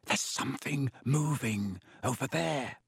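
A man voicing a scared teenage boy wizard in an audiobook, speaking in quiet, tense near-whispers. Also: mid-range voice, measured pace, creaky, slightly rough, dry recording, studio quality, full character voice. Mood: hushed, tense.

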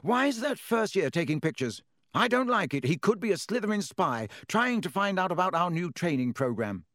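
Brief: fiery young male team captain, pitched high, indignant, voiced by a male reader. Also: sing-song, normal speed, fairly bright tone, no echo, clean studio sound. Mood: irritated. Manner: urgent, indignant delivery. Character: young male sports captain, intense, easily angered.

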